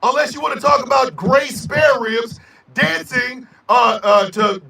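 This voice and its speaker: A man hosting a radio show, delivering a loud, profane, emphatic rant. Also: very high voice, measured pace, gravelly, a little hiss or hum. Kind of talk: angry ranting monologue. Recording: echoey room, mic at a distance.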